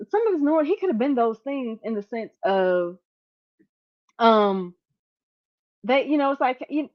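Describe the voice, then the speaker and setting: A woman hosts a casual commentary chat, voicing blunt, opinionated takes. She often stops and restarts mid-thought, and her voice sits in the middle of the usual range. The audio is slightly muffled and lo-fi. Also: medium pitch. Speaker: host.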